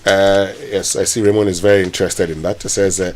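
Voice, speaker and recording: A man's voice: sits low, flat delivery, a little fast, slight background noise. A man with a Ghanaian accent hosting a morning radio show, chatting and reading headlines in a conversational way. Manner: conversational, reads headlines aloud. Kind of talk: casual radio talk and newspaper review.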